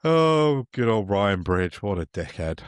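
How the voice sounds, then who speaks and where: A man's voice: on the low side, sing-song, measured pace, clear, resonant tone, dry recording, studio quality. A man co-hosting a podcast, telling stories in a mocking, sweary, casual way. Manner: sweary, mocking, chatty storytelling. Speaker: podcast co-host. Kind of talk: casual political chat.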